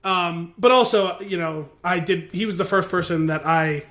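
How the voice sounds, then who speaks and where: A man co-hosting a podcast, telling a rambling, animated story with laughter over a remote call. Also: sits high, moderate pace. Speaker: podcast co-host. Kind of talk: casual chat. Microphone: video call.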